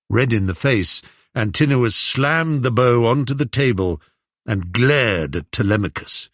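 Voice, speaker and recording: An English man from England narrates a story as an audiobook narrator, his pitch expressive and animated. He speaks slowly in a slightly husky voice. The scripted narration is recorded dry with no room sound, and it sounds a touch dull.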